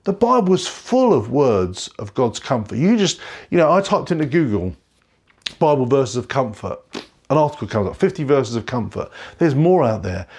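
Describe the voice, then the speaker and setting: A man's voice: medium pitch, very animated, moderate pace, a little mellow, breathy edge. A middle-aged man preaching an online sermon from a bedroom at home, earnest and repeating phrases for emphasis. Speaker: pastor.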